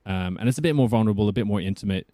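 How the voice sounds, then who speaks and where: A man voice actor chatting casually as a podcast guest, lively and quick to laugh. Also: fairly low pitch, no room sound, studio quality. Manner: chatty, laughing, restarts often.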